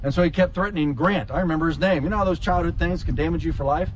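A pastor delivers a sermon at a rapid-fire pace, recounting a childhood story and acting out its scenes with sudden, big jumps in pitch. He's an animated storyteller. The audio is dull, with slight background noise.

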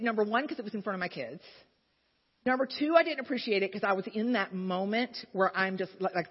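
A woman with a mid-range, slightly rough voice encourages a hall full of mothers through a faith-based talk, chatting candidly, telling stories and adding asides. The hall echoes, and the recording is dull and lo-fi.

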